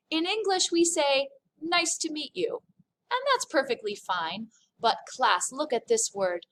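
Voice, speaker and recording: French teacher lady, high voice, talks to "class", drags out the french words. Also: fairly bright tone. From lived in France. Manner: slows down to savor French words, addresses the class. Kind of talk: classroom language lesson.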